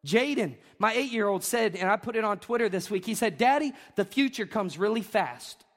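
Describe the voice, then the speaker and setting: A high-voiced man preaches a sermon, emphatic and emotional, firing off repeated questions and building to shouts. His voice rings through a church sanctuary with a long reverb tail. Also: expressive, moderate pace. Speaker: pastor.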